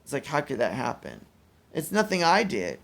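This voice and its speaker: Weary man with a very gravelly voice. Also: on the high side, wildly swooping pitch, fairly bright tone. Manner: weary, rambling, halting restarts. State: mentally exhausted. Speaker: vlogger. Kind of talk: casual personal vlog.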